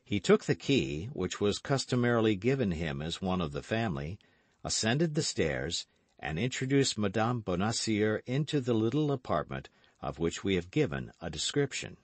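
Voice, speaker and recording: A man narrating a classic novel in an audiobook, reading in a measured, expressive way. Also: lowish voice, no room sound.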